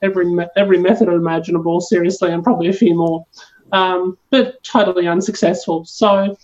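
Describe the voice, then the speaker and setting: A woman's voice: on the low side, steady tone, fairly quick, darkish tone, highs cut off. A woman from Australia with an Australian accent, a podcast guest chatting casually and rambling a little, with lots of fillers and restarts. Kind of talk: casual chat.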